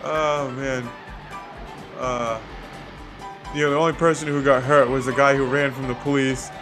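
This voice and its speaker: A man with a Boston accent, a comedian hosting his own podcast, ranting casually and swearing a lot while laughing at his own jokes. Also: mid-range voice. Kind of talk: solo comedic podcast rant.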